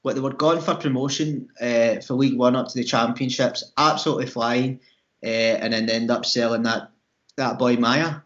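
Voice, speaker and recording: A man, co-hosting a podcast, telling stories in an animated, rambling way. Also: medium pitch, moderate pace. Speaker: podcast co-host. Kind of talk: casual chat. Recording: dull lo-fi audio.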